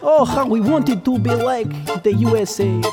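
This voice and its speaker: A man's voice: very high voice, normal speed, voice pushed up. A man singing a comic satirical song in a put-on Russian accent, voicing Russia as a proud, touchy nation with mock-polite sarcasm. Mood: sardonic. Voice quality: sung in a put-on heavy accent. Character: Russia personified as a proud, touchy male singer. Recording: sung over guitar and mandolin.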